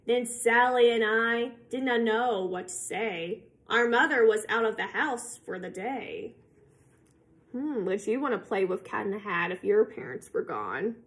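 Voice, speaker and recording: A woman reading a picture book aloud to children, slow and expressive, pausing to ask her listeners questions. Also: a little high. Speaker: storybook reader.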